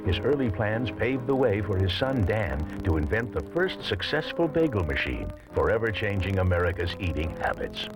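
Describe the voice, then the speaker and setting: A man reading scripted documentary narration in a measured, even way. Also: fairly low pitch, poor audio. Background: music.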